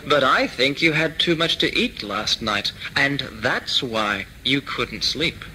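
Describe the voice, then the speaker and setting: A man voicing a polite, doubtful ship's mate in a slow lesson reading. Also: medium pitch, expressive, sharp tone, a little hiss or hum, exaggerated voice, poor audio.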